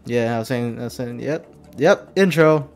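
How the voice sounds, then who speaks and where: A man's voice: mid-range voice, moderate pace, faint music behind. A man gaming online with a friend, laid-back and wry, swearing casually. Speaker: gaming YouTuber.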